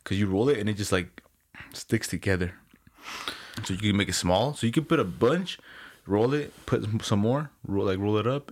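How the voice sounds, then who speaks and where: A man's voice: on the low side, lively intonation, normal speed. A young man in casual chat, laid-back and slangy, telling stories to a friend. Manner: laid-back slangy storytelling, says bro a lot.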